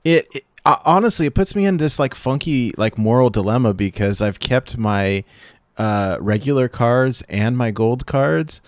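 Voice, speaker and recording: A man co-hosting a podcast over a remote call, thinking aloud with halting restarts. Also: mid-range voice, expressive, dry recording, clean studio sound. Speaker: podcast co-host. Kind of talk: casual chat. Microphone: remote call mic.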